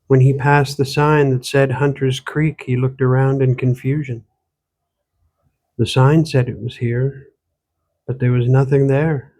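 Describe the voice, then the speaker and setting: In a mid-range voice, a man narrates an audiobook of the gothic horror novel he wrote himself. His storytelling is steady and measured.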